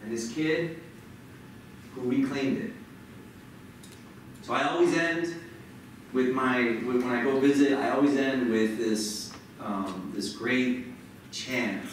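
A man's voice: mid-range voice, slow pace, long pauses, slight background noise. A man giving a passionate motivational talk as a visiting author, urging the audience to join a chant. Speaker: author speaking at a school event. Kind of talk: motivational speech. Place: large lecture hall. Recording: echoey hall from far off.

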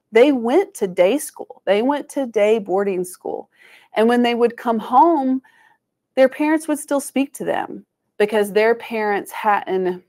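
In a museum presentation room, a Cherokee language and culture educator teaches a language lesson to schoolchildren. She has a medium-pitched, somewhat dark voice, encourages the kids warmly, and uses call-and-response, slowing down to sound out syllables for them to repeat.

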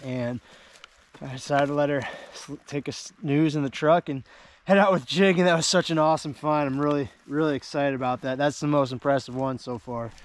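High-voiced man praising his dogs outdoors. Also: brisk. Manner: excited praise, laughing, chatty. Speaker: vlogger shed hunting with dogs. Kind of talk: casual outdoor vlog talk to dogs. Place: woods outdoors.

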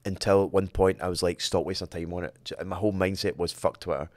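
A blunt, opinionated man hosting a podcast, speaking in a lowish voice with casual swearing. The sound is dry and close, with no room echo. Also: steady tone, quick pace. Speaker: podcast host. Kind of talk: casual chat.

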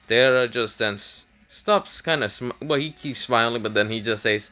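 A man's voice: mid-range voice, normal speed, few pauses, sharp tone. A man narrating a fan story casually, rambling with many fillers and self-corrections.

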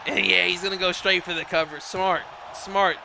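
A man commenting on a wrestling video game match in lively play-by-play, with frequent exclamations and a put-on accent. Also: high voice, moderate pace, creaky, crowd noise, low-quality recording. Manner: exclaims often, putting on a mock accent.

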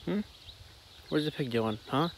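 A man vlogging outdoors on a farm with his dog, chatting casually and talking to the dog in a high sing-song voice. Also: unhurried, creaky, slight background noise. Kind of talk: casual vlog narration. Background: faint outdoor ambience.

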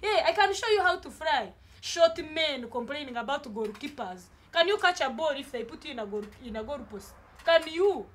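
A woman's voice: sits high, lively intonation. A woman with a Ugandan English accent playing an indignant bar owner in a comedy sketch, ranting sarcastically at a customer. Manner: indignant, sarcastic, mocking, fast rant.

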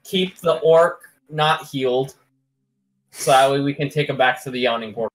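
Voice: moderate pace, poor audio. A player in a tabletop game, joking and swearing casually. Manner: playful, profane, pitch jumps up when joking.

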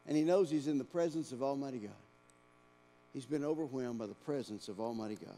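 A male pastor preaching a dramatic sermon in a church, swinging between hushed lines and shouted ones. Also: a little high, animated, a little fast. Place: church sanctuary. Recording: long church-hall reverb.

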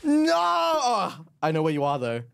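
A young man streamer trash-talking his brother over a game, slow and swearing, swinging between low mutters and yelling. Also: huge pitch swings. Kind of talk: casual gaming banter.

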